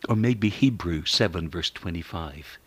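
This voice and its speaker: A man preaching a sermon in an earnest, measured way, reciting scripture as he goes. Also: deep voice, fairly bright tone, breathy edge, no echo.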